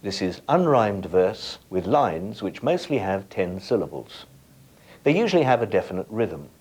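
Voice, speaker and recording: A man's voice: lowish voice, big pitch swings, moderate pace, darkish tone, breathy edge. A middle-aged man giving a scripted lesson as a teacher, addressing viewers directly and setting them tasks. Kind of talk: scripted educational presentation.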